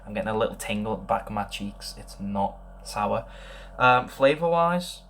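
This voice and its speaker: Young guy, lowish voice, rambles through a beer review with lots of ums and pauses. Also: completely flat delivery, creaky. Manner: rambling, thinking aloud with many pauses. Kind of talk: casual tasting review.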